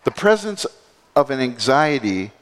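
A male pastor preaching a sermon, expressive, moving between soft, low passages and emphatic lifts. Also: a little slow. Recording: long hall reverb.

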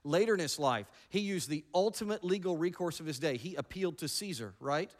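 A male pastor preaching a sermon in an animated way, with joking asides and emphatic repeated words. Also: fairly high pitch, fairly quick.

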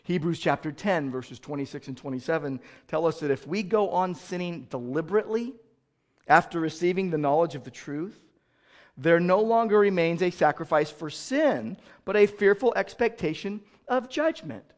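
A man preaching a sermon as pastor, swinging from loud outrage to quiet explanation. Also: fairly high pitch, animated, normal speed.

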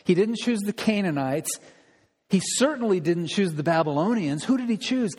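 Emphatic preacher in a reverberant hall. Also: male voice, high-pitched, expressive, normal speed, a little mellow. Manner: rhetorical questions, emphatic repetition. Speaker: pastor. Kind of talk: sermon.

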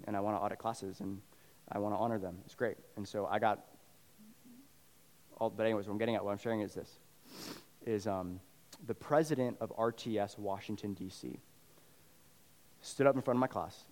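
A pastor giving a sermon in a conversational style that swells into fervent emphasis. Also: male voice, medium pitch, darkish tone. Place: church sanctuary. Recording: long reverb of a church hall.

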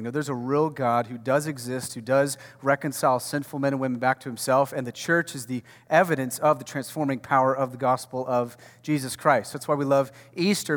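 A man preaching a conversational sermon as pastor, swinging from loud to hushed and repeating words as he goes. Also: mid-range voice. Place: warehouse church hall. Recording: long reverb of a large hall.

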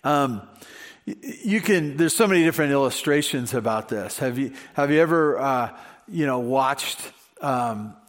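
Man, pastor, sermon, conversational, rhetorical questions, middle pitch. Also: lively intonation, moderate pace. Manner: conversational, many fillers and restarts, rhetorical questions.

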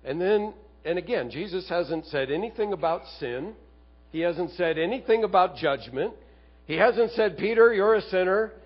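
Man preaching, slightly high and lo-fi. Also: expressive, moderate pace, husky. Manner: expository preaching with storytelling, occasional fillers. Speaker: pastor. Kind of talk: sermon.

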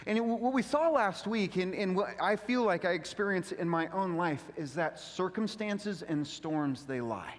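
Male pastor, high-pitched, casual slangy preacher with lots of energy, long reverb. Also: moderate pace, few pauses. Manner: casual, animated, slangy delivery. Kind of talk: sermon.

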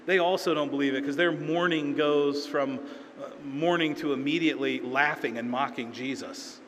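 A pastor preaching a sermon in a relaxed, storytelling way, acting out quoted lines in everyday speech. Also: male voice, a little high, moderate pace, a little hiss or hum. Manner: conversational storytelling with acted-out quotes. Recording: reverberant hall, faint ambience.

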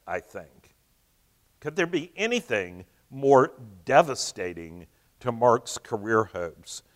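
Male host who reads a book aloud and explains it, lively, mid pitch. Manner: explanatory, alternates reading with asides. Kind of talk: reading a novel aloud with commentary.

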